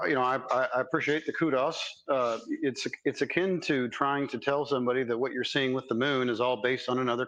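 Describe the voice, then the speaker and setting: A man's voice: medium pitch, fairly bright tone, poor audio. A man speaking as a guest in a casual group livestream, blunt and exasperated.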